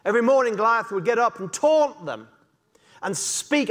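A man preaching an impassioned sermon that builds to shouting. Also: very high-pitched, big pitch swings, moderate pace. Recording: echoey hall reverb.

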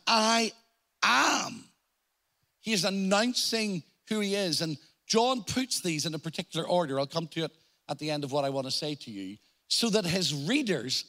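Slow-speaking Irish preacher man. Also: sits high, a bit bright. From Ireland. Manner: slow, deliberate teaching with emphatic quoted lines. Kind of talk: sermon.

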